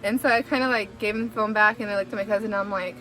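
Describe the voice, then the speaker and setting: A woman's voice: mid-range voice, racing, faint music behind. A young woman from the Bay Area telling a story in a casual, chatty way, full of fillers and swearing. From San Francisco Bay Area. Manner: chatty and animated, heavy "like" fillers, swears, laughs while telling.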